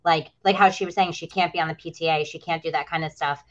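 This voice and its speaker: A woman's voice: low-pitched, steady tone, quick pace. A woman on a discussion panel, chatty, often acting out what others might say. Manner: chatty, acts out quoted lines. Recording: dull lo-fi audio.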